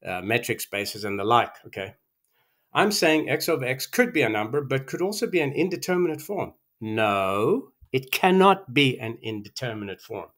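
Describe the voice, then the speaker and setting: A man's voice: mid-range voice, a bit bright. A man hosting his own channel, ranting about math in a combative, contemptuous way, out of breath and prodding with "okay?". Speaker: channel host. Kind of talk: scornful math rant to camera.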